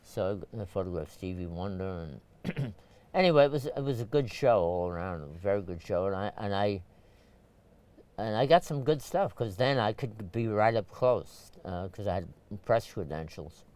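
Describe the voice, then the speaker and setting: An older man from Brooklyn who speaks. His voice sits low and sounds smooth and resonant. He tells stories in a loose, rambling way, with many fillers, restarts and throat-clearing. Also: animated, normal speed, a little mellow. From Brooklyn, New York. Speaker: photographer, interview guest. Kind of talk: casual storytelling interview.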